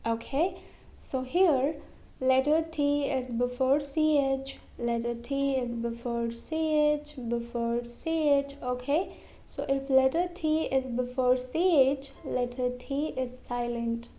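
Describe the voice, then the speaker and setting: A woman's voice: high voice, slow, mellow. A woman teaching English pronunciation, saying example words twice and checking in with "okay?" after each point. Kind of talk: slow pronunciation lesson.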